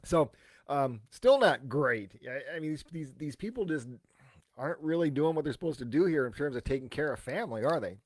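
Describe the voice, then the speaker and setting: A man's voice: on the high side, lively intonation, fairly quick, no room sound. A man, a pastor, casually retelling a Bible story with chatty asides and questions to listeners.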